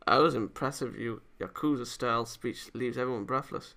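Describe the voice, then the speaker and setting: Guy reading game text out loud, bright voice, casual plain delivery. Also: medium pitch, moderate pace, few pauses. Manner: reads narration plainly, voices the hero casually. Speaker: YouTuber reading a visual novel aloud.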